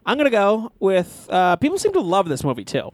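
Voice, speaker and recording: A man co-hosting a podcast in casual chat, blunt and quick to swear and laugh. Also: high-pitched, huge pitch swings, no room sound. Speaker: podcast co-host.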